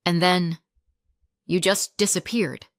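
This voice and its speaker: A woman's voice: lowish voice, steady tone, slow pace, no echo. A woman voicing a kind, hesitant fellow school mom who speaks carefully, in a plain voice close to her own. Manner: careful, gentle.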